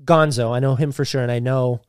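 A man's voice: medium pitch, fairly even intonation, fairly quick, smooth, dry recording. A man co-hosting a casual comedy podcast, who talks playfully and swears casually. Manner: playful, swears casually, does goofy voices. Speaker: podcast co-host. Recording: dry close-miked sound.

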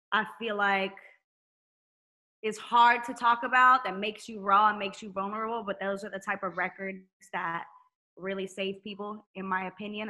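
A woman musician as a guest in a casual conversation, speaking candidly and swearing freely. Her voice is bright and forward, with a lively bounce to her talk. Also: medium pitch. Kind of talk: casual chat.

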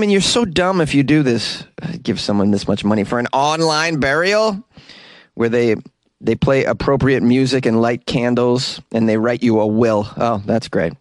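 A man riffing on odd news stories in a sarcastic, joking tone, with mid-pitched speech. The sound is dry and close, with no room around it. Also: moderate pace, no echo. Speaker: host. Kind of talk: comedic news commentary. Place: Los Angeles.

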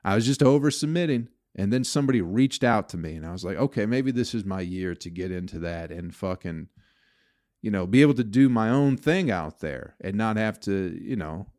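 A man's voice: fairly low pitch, animated, brisk, darkish tone, no echo, clean studio sound. A man hosting his own podcast, venting in a profane, bitter, rambling way about the comedy business. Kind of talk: casual solo podcast rant.

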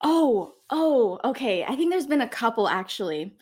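Bubbly high-voiced young woman. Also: sing-song, normal speed, darkish tone, husky. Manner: bubbly, laughs often, acts out quoted people. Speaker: guest, social media creator. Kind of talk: casual interview chat.

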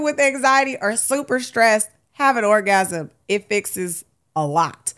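A woman's voice: medium pitch, animated, a little slow, a bit bright. A woman in her late thirties hosting a casual solo podcast, candid and uplifting, laughing often, with African American Vernacular English. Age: late 30s. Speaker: podcast host.

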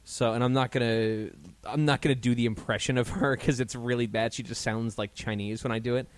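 A man's voice: mid-range voice, fairly even intonation, brisk, no echo. A laid-back man co-hosts a casual podcast and tells his stories in a dry, easygoing way. His voice is recorded close and dry, with no room sound around it. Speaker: podcast co-host. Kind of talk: casual chat.

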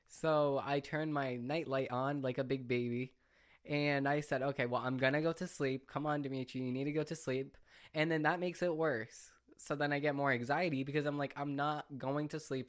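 A young man chats alone in a loose, rambling way, poking fun at himself and breaking into laughs. His voice sits at an ordinary, middle pitch. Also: fairly even intonation. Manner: rambling, self-mocking, quick to laugh. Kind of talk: casual solo chat.

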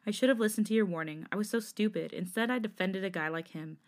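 A woman's voice: medium pitch, lightly acted. A woman reading a heartbroken, sniffling young man. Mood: tearful. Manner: soft, sniffly, halting. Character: heartbroken tearful young man, self-doubting.

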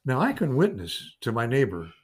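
A man's voice: mid-range voice, wildly swooping pitch, normal speed, slightly rough. A man in his eighties teaching an informal Bible study, earnest and rambling, stretching out key words of Scripture for emphasis. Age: 80s. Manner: rambling with restarts and repeated words.

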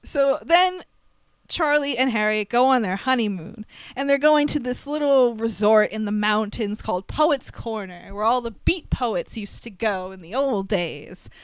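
Woman podcaster recapping a movie, smooth voice, dry close sound, laughs a lot. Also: on the high side, measured pace, dry recording. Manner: chatty, laughs often, wry asides. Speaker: podcast co-host. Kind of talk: casual film recap chat.

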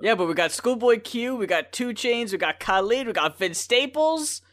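A man's voice: very high-pitched, lively intonation, moderate pace, a bit bright. A man co-hosting a casual music review podcast, ranting with profane, exasperated mock outrage. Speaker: podcast co-host.

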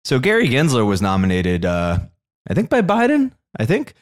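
A man's voice: mid-range voice, huge pitch swings, moderate pace. A man co-hosting a casual podcast as the crypto expert, ranting with many stammered restarts.

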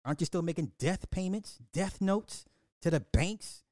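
A man rants into a podcast mic, mocking and scolding his audience with heavy profanity. His voice sits a little high for a man. The sound is dry and close, with no room around it. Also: expressive, normal speed, mellow, dry recording. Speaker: podcast host. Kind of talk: ranting social commentary.

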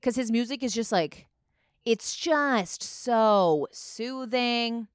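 A woman's voice: fairly high pitch, slow, clear, resonant tone, no room sound, studio quality. A young adult woman co-hosting a podcast, reacting with gushing exclamations in casual chat. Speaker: podcast co-host.

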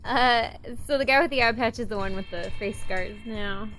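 A woman's voice: a little high, moderate pace, a bit bright, soft background music. A woman playing a tabletop role-playing game, talking through her moves in an easygoing way. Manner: easygoing, thinks aloud with fillers. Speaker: player. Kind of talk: casual tabletop game chat.

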